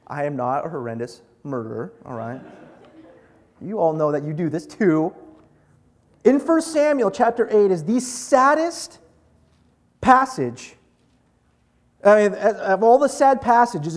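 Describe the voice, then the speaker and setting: Young male preacher, high and very animated voice, jokey and conversational with the crowd. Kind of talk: casual sermon to a live group.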